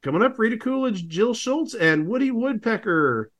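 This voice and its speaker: A wry man co-hosting a podcast, his high voice bouncing through a lively range. He meanders through comedic asides in a casual, chatty way. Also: normal speed. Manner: wry, rambling asides with fillers. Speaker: podcast co-host.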